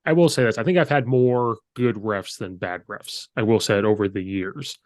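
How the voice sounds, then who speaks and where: A man's voice: lowish voice, moderate pace, no echo. Dry-sounding male podcast host. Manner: storyteller who acts out dialogue. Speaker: podcast host and high school coach. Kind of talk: casual chat.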